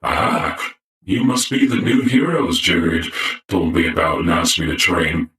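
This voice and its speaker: This is a male robot trainer with a booster pack, voiced by a man. He questions new recruits in a brisk, curious way, with a very low voice. He sounds distant and roomy, as if far from the mic. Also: expressive, fairly bright tone. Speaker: non-player character. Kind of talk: voiced role in a tabletop game.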